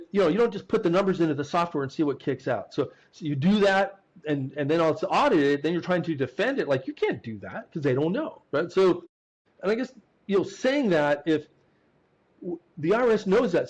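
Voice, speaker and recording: A CPA appearing as a guest on an interview show tells an animated story in a higher-pitched male voice, often restarting sentences and acting out quotes. The recording is rough.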